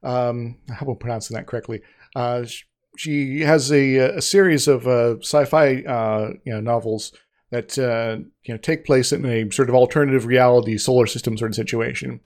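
A man with a mid-pitched voice explains his ideas in a loose, rambling way. He keeps hesitating and restarting his sentences. The tone stays easygoing and conversational. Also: steady tone, moderate pace, darkish tone. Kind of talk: casual discussion.

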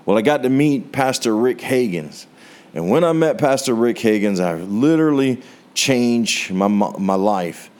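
A man's voice: medium pitch, lively intonation, a little slow, a little mellow. Earnest American preacher telling his story. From United States. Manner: earnest storyteller, voice rising on rhetorical questions. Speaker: pastor. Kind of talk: sermon testimony.

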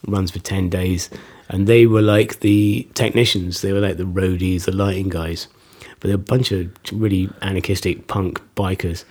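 Low, mellow man telling stories. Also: steady tone, normal speed, few pauses, slightly rough. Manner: rambling storyteller, laughs often. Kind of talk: casual conversation.

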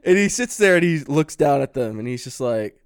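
A man in casual chat, telling a drawn-out story and swearing freely. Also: medium pitch, lively intonation, clean tone, no echo.

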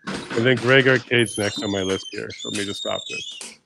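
A man's voice: fairly low pitch, moderate pace, gravelly, very noisy. A man hosting a podcast interview, enthusiastic and effusive, often laughing. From Canada. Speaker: podcast host. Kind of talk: casual interview chat.

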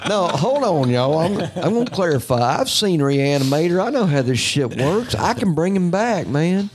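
A man's voice: a little high, very animated, normal speed, a little hiss or hum. A man, co-hosting a podcast in loose, joking casual chat and swearing freely. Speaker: podcast co-host.

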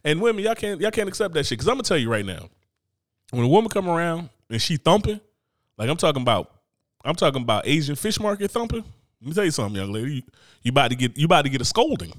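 Brief: male co-host, lively, profane comic banter, dry studio sound. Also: fairly high pitch, fast talker, dry recording. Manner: animated, profane, acts out voices. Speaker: podcast co-host. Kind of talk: casual comedic chat. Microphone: studio mic, close.

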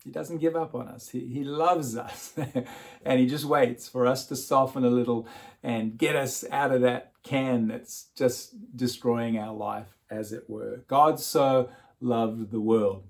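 A man's voice: medium pitch, fairly even intonation, unhurried, creaky. A man preaching an Easter sermon. He chuckles often and repeats words as he starts his phrases. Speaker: pastor.

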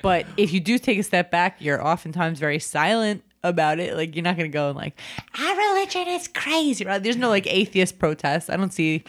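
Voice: medium pitch, a little fast, few pauses, fairly bright tone. A guest improviser chatting casually about comedy and agreeing often.

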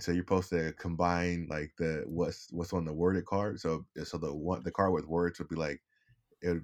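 Young male podcast co-host, very low voice, loose and rambling delivery. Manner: rambling, restarts often, laid-back. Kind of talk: casual chat.

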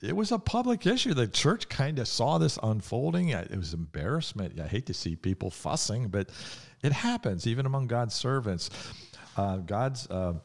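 A man's voice: medium pitch, big pitch swings, normal speed, gravelly. A man in his sixties or seventies, a preacher giving a podcast sermon in a folksy, conversational storytelling manner. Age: 60s or 70s.

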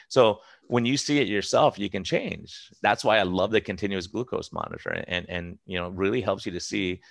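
A man's voice: low-pitched, very animated, moderate pace, vocal fry, hardly any pauses, no room sound, studio quality. A middle-aged man, a preventive medicine doctor, talking casually and emphatically with many restarts and acted-out quotes. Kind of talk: casual interview talk.

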